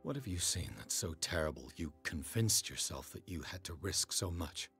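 A grim game investigator, with a very deep voice and a grave, measured way of speaking. He keeps his lines steady and serious throughout. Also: faint music behind. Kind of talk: video game voice acting.

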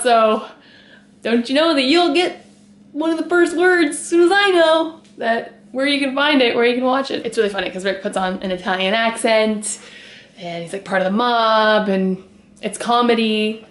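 A young woman chatting to her camera as she walks around her house, rambling and laughing often. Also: on the high side. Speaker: vlogger. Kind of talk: casual chat to camera. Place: at home, walking around the house.

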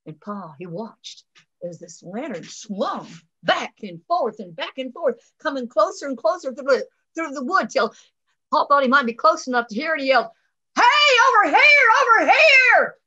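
A woman's voice: sits high, expressive, normal speed, bright, forceful tone. A woman telling a folksy first-person tale with dramatic flair, over a video call. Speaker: storyteller. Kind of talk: live folksy storytelling.

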